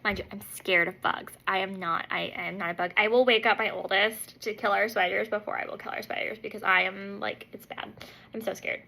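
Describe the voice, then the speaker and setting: A woman in her thirties, a makeup vlogger, rambles casually through a story at her kitchen table, speaking fairly fast in a medium-pitched, creaky voice. "Like" and "um" pepper her speech, and she acts out quotes with animation. It's a low-quality recording.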